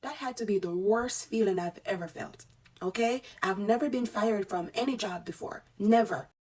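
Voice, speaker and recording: A woman recounts a personal ordeal in a vlog, speaking with the fervent conviction of someone testifying in church. Her voice sits at an ordinary middle pitch and sounds slightly distant from the microphone. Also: normal speed, darkish tone, slightly rough. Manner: fervent, testifying, faith-filled storytelling. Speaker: respiratory therapist sharing a story.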